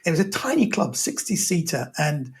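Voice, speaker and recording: A man's voice: on the high side, moderate pace. A man, a guest comedian, telling stories in a casual chat and animatedly acting out what people said. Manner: animated storyteller, acts out quotes.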